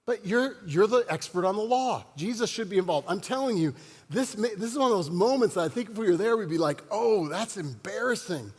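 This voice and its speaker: High-voiced pastor in a reverberant hall. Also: male voice, animated, fast, a little mellow, breathy edge. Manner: conversational, joking with the congregation. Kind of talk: sermon. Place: church sanctuary. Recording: long church hall reverb.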